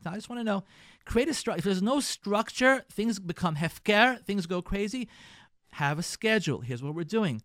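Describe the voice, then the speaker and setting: Higher-voiced rabbi giving advice. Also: male voice, animated, a little fast, no room sound, studio quality. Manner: coaching, acts out sample dialogues in a softer voice; repeats phrases, stammers on word starts. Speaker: rabbi and radio show host. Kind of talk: advice talk to listeners.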